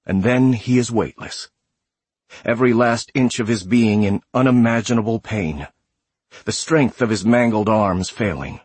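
Guy narrating a dark audiobook, husky low voice, steady and measured, dry close sound. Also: no room sound. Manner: measured, dark, graphic storytelling.

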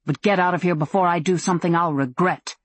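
Woman reading a firm protective young guy, earnest, low husky voice. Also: fast, dry recording. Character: determined, protective young man.

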